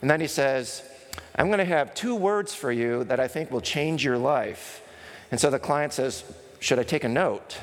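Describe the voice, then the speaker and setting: A pastor preaching a sermon, earnest and explanatory, sometimes acting out a comic skit with a raised voice. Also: male voice, mid-range voice, normal speed. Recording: long hall reverb.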